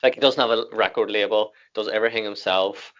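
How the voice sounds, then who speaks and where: An Irish man talks quickly and casually, rambling through his thoughts with fillers and restarts. His voice sits fairly low. The recording sounds dull and lo-fi. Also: fairly even intonation, a bit bright. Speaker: reaction video host. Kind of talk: casual chat. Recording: dull lo-fi audio.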